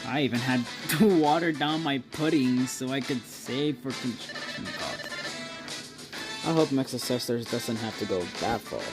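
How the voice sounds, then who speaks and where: A man's voice: medium pitch, a little slow, lightly acted. A man voicing a glitchy robotic vault management system that makes formal, pompous announcements. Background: background music.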